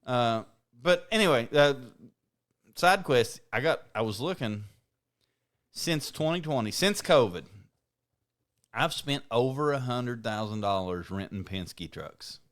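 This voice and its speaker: A man's voice: medium pitch, expressive, unhurried, fairly bright tone. A man co-hosting a podcast, chatting casually in a rambling, profane way. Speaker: podcast co-host. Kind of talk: casual chat.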